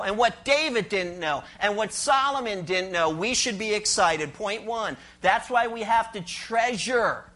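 A pastor delivering a sermon in a bright, forceful voice. The delivery is emphatic and full of rhetorical questions put to the listeners, and scripture is read aloud with slow, deliberate stress. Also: medium pitch.

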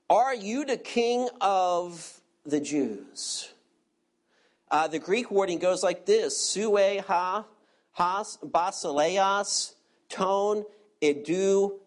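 Man, pastor, expository sermon, emphatic, rhetorical questions, directs listeners to verses. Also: a little high.

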